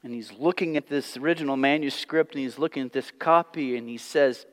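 A man leading a church class in a middle-pitched voice, talking conversationally and circling back through rhetorical questions. His words ring out with a long reverb, as in a church hall. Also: a little fast, few pauses. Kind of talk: sermon-style teaching with a joke.

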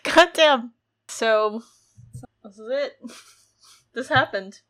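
Lively young woman podcast co-host. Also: a little high, slow. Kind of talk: casual chat and reading aloud from a book. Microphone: video call.

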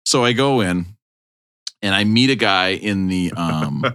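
Bright-voiced man telling animated stories. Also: low-pitched, unhurried, smooth. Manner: animated, acts out quotes from people in his stories. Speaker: podcast host. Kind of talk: casual storytelling chat.

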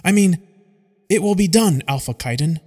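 A man's voice: sits high, lively intonation, normal speed, dark tone, long reverb tail, pitched above the performer's own voice. A man voicing a young female warrior trainee who is panicky, shaky and out of breath, stammering as she speaks. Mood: firm.

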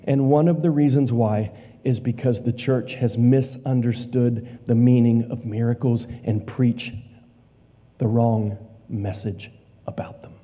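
A man preaching a sermon with emphasis. He repeats lines for weight and drops to a hush on key words. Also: medium pitch, steady tone, measured pace. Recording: long hall reverb.

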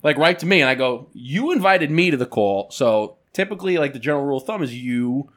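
Dude rattling off a sales story super fast on a podcast, swears a lot, does everybody's voices. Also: male voice, medium pitch. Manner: fast, animated, acts out quoted people, swears a lot. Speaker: podcast co-host. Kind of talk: casual storytelling chat.

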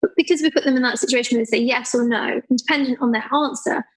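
Lively woman telling art stories. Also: a little high, quick pace, low-quality recording. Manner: animated storyteller, acts out people's voices. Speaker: artist guest. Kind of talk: casual podcast conversation.

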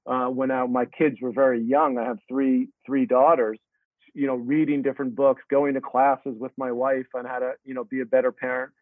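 A man's voice: mid-range voice, little pitch movement, normal speed, dry recording. A middle-aged man, a tennis coach, talking earnestly and reflectively in an interview, with many restarts. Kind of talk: interview answer. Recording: dry tinny phone-like line.

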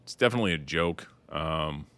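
Man, very low voice, dry close sound, laid-back podcast host, casual swearing. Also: lively intonation, a little fast, a bit bright, dry recording. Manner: laid-back, swears freely, laughs often. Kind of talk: casual chat.

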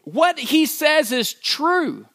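A man preaching a sermon as the pastor, telling the story with playful acted-out asides and shifting between loud and soft. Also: extremely high pitch, very animated, drawn-out words, creaky, dry recording, studio quality.

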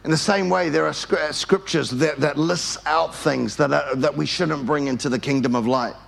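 Brief: male pastor, high and very gravelly, animated storytelling sermon. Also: normal speed. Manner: animated storytelling, leads call-and-response with congregation. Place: church service.

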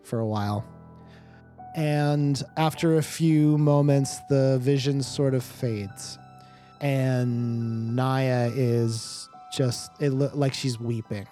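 A man's voice: mid-range voice, fairly even intonation, slow pace, warm tone, soft background music. A man running a tabletop game as game master, narrating in a meandering way with lots of fillers.

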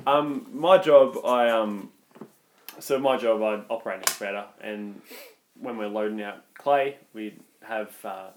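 A man's voice: fairly low pitch, a little slow, a little hiss or hum. A young Australian man, a podcast co-host, telling a rambling story in casual chat and laughing along. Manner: rambling, laughs through his own stories.

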